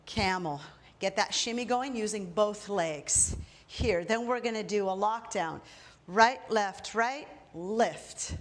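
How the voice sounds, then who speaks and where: A woman teaching a belly dance class, demonstrating steps as she talks and calling out each move in rhythm. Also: mid-range voice. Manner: energetic, counts moves aloud with rhythmic cues. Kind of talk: live dance instruction while demonstrating.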